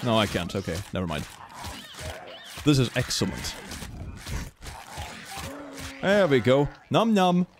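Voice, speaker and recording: A man streaming a video game, chatting and thinking aloud as he plays and often breaking into high laughter. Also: sing-song, unhurried, long pauses, soft background music. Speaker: gaming streamer. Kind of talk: live game commentary.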